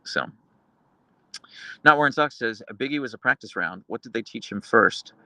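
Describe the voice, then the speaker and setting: A livestream host reads chat with a medium-pitched, pushed and bright voice, lively intonation and a moderate pace, recorded dry. He rambles casually with lots of fillers and sometimes baby-talks his dogs.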